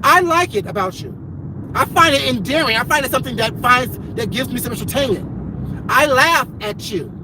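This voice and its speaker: A woman vlogger delivers a heated, profane rant straight to camera. She moves between measured, deliberate points and loud outbursts. She is recorded outdoors with clear traffic noise behind her. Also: sits high, expressive.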